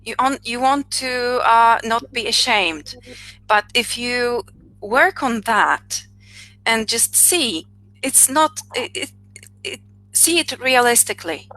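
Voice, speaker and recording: A woman's voice: fairly high pitch, expressive, slow, bright, forceful tone, faint music behind, rough recording. A woman in her thirties with a Polish accent hosting an interview, talking hesitantly with frequent fillers over a video call. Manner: hesitant, many "uh" and "you know". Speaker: interview host, psychologist. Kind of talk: casual conversation.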